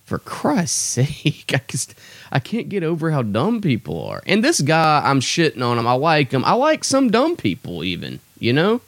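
A slightly high, fairly bright male voice with huge pitch swings moves at a moderate pace on a dry recording. The young stand-up comedian is ranting on his podcast, profane, exasperated and mocking himself.

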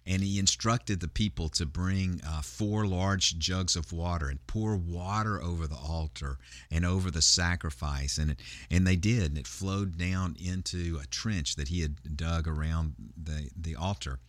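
Low-voiced man preaching a sermon. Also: measured pace, dry recording. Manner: conversational, with frequent fillers and restarts. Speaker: pastor. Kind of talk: sermon retelling a Bible story.

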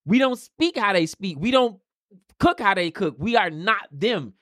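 Brief: man, high-pitched, emphatic preachy talker, dry close sound. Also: expressive, measured pace, bright, forceful tone, no echo. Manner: emphatic, preachy, repeats key phrases. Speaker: podcast co-host. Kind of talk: casual podcast discussion.

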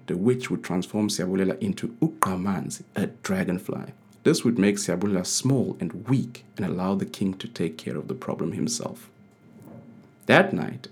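A man reads his own storybook aloud at a measured, gentle pace. His voice is deep with a husky edge. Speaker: co-author reading his book.

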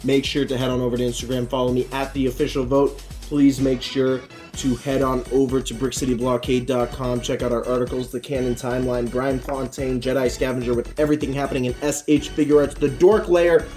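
A man's voice: mid-range voice, level tone, fairly quick, hardly any pauses, a little mellow, soft background music. A young man co-hosting a casual podcast, rambling and laughing easily. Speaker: podcast co-host.

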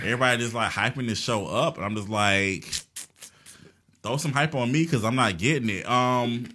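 A man co-hosting a casual podcast, speaking at a medium pitch. He talks in a laid-back, hesitant way, full of fillers and restarts. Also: moderate pace, pushed and bright, breathy edge. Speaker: podcast co-host. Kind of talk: casual chat.

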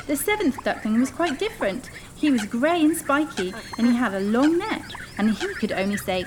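Female children's story host, high, animated read-aloud, music behind. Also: moderate pace. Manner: bright, expressive and animated.

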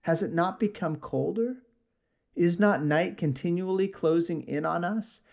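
A man's voice: high-pitched, measured pace, creaky, darkish tone, pitched above the performer's own voice. A preacher voicing a frantic male madman who hurls urgent questions at a crowd.

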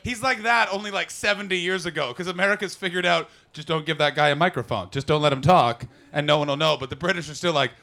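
A man doing an improvised stand-up set, riffing and talking with the crowd, breaking into loud mocking voices for the people in his stories. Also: a little high, fast talker, few pauses. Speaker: stand-up comedian. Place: comedy club stage before a live audience.

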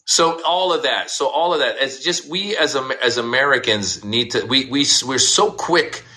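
Bright-voiced man ranting about politics. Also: medium pitch, normal speed. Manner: heated, blunt, rambling with restarts. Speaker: podcast co-host. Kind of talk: casual political discussion.

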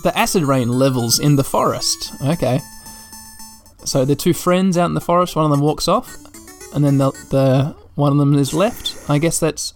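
A man narrating a video game as he plays, describing what is on the screen and thinking out loud. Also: fairly high pitch. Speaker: gameplay commentator. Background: faint game music.

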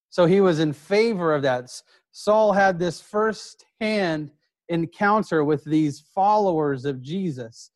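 A man preaching a sermon, emphatic and repetitive, dropping his voice low for quoted words. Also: darkish tone. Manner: emphatic, repeats key words, drops low for quoted lines. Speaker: pastor.

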